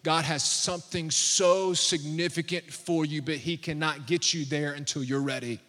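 A male pastor preaches fervently, urging and exhorting his listeners. His voice is high and forceful, and it rises at times to shouts. A long reverb fills the church hall around him. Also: fairly even intonation, normal speed. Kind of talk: sermon.

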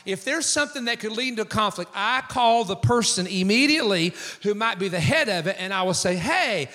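A man's voice: high-pitched, a little fast. A man preaching a sermon, telling stories with acted-out quotes. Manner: animated storytelling with acted quotes. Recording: long hall reverb.

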